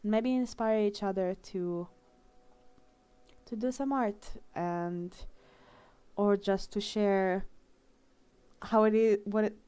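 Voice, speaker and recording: A young adult woman livestreaming her drawing, talking in a heartfelt, emotional way with many pauses and fillers. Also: medium pitch, steady tone, mellow, clear, resonant tone. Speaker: art streamer. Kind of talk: casual live-stream chat while drawing.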